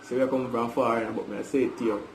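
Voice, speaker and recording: A man's voice: medium pitch, fairly even intonation, fast talker. A young man with a Jamaican accent, confronting his brother on a call, pressing and repetitive. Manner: repetitive, pressing, keeps calling him brother. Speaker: vlogger. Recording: echoey room with faint background noise.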